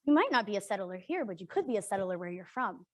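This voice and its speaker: A young adult woman from Canada leading an interactive workshop, speaking earnestly and emphatically and often checking in with a quick "right?". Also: mid-range voice, big pitch swings, dry recording. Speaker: workshop facilitator.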